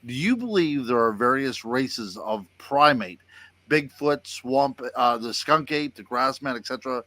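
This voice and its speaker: A man's voice: medium pitch, expressive, unhurried, a bit bright, no room sound. A man hosting a casual interview podcast, chatty and reading out a listener question. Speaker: podcast host.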